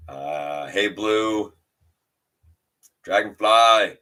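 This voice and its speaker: A man's voice: low voice, drawn-out words, sharp tone. A man hosting a casual livestream, chatting loosely, greeting viewers by name and reading their comments aloud. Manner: rambling with fillers and restarts. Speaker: livestream host.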